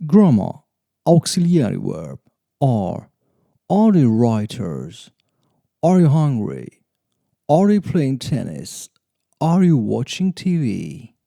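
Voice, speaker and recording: Slow, dark-voiced man reading English drills. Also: mid-range voice, wildly swooping pitch, gravelly, no echo, clean studio sound. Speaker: English teacher. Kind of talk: slow scripted reading of example sentences.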